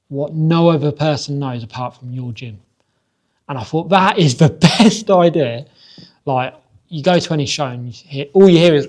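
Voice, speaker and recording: A man who coaches boxing, telling stories from his gym in a chatty, self-deprecating way. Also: fairly high pitch. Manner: chatty, self-deprecating, laughs often, many fillers. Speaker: boxing coach and podcast host. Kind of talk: casual reflective monologue.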